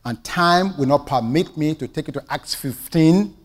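A man with a Nigerian accent preaching a sermon with passion, dropping to hushed asides and rising to ringing declarations. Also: a little high, moderate pace. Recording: long hall reverb.

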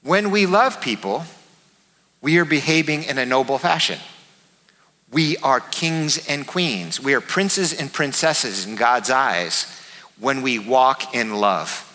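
A man preaching a sermon as pastor, emphatic, repeating his key words and swinging between soft and loud. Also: mid-range voice, expressive, takes it slowly, long reverb tail, low-quality recording.

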